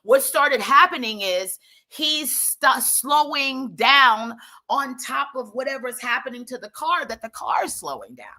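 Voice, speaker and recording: A young woman telling a story in a casual monologue, animated and emphatic, often restarting her sentences. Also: high voice, measured pace.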